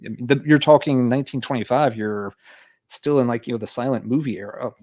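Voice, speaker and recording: A man at mid pitch hosting a laid-back podcast chat. He rambles with fillers and pokes fun at himself, his voice a little worn from coughing. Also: brisk, a little mellow, dry recording, clean studio sound. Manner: rambling, lots of fillers, self-mocking humor. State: coughing a lot. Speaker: podcast host. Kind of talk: casual chat.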